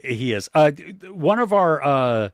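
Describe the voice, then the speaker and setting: A man's voice: a little high, very animated, measured pace, no room sound, studio quality. A man co-hosting a casual movie review podcast, enthusiastic, laughing often and trailing off mid-sentence. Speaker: podcast co-host. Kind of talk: casual chat.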